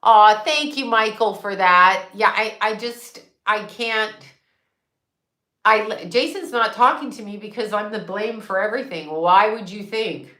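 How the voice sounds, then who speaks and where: A woman's voice: mid-range voice, measured pace, pushed and bright. Woman, sixties, casual livestream chat, blunt, swears, laughs a lot, roomy echo. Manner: candid, swears freely, laughs often. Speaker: psychic and astrologer livestream host.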